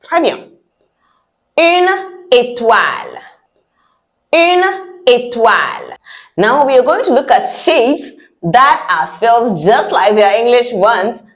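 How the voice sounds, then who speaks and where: A woman teaching words to beginners, stretching out each word slowly for the listener to repeat and praising brightly. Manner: slow, drawn-out model words with bright high praise. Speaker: French teacher. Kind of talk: repeat-after-me language lesson.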